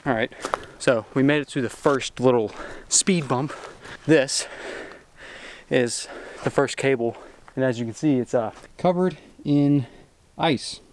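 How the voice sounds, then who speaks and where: A man's voice: medium pitch, unhurried, darkish tone, slight background noise. A young man vlogging casually to camera while hiking a mountain trail, out of breath as he climbs. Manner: hiking uphill while talking. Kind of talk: casual vlog talk to camera.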